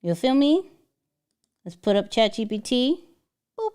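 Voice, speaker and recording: A woman's voice: fairly high pitch, sing-song, a little slow, darkish tone, clean tone. A woman hosting a livestream, talking in a chatty, slangy way. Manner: slangy, chatty, with fillers and restarts. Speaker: livestream host. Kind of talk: casual livestream talk.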